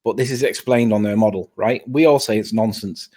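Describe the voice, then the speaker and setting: A man's voice: fairly low pitch, brisk, a little mellow. Stammering, insistent man on a video call. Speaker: caller on a live stream. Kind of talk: casual debate.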